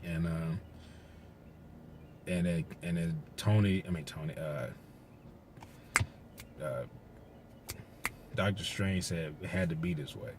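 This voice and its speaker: Deep-voiced man rambling through a movie recap. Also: takes it slowly, long pauses, background noise. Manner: rambling, profane, excitable retelling. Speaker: movie reviewer. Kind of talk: casual spoiler recap.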